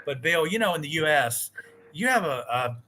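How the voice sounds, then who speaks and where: A man from the United States talks casually as a guest on a live stream, his voice fairly high and bright with an edge of tension. He tells animated stories full of acted-out dialogue and the odd curse word, heard over a video call. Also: moderate pace. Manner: animated storytelling, acts out quoted dialogue, mild swearing. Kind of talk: casual chat.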